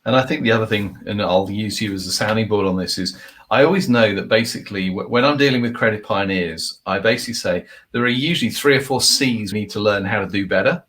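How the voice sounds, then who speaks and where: A man with a somewhat low voice hosts a conversation and lays out his advice to the guest. He speaks at a measured pace in long, reflective sentences. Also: a bit bright. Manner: thoughtful, explains in long sentences. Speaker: podcast host.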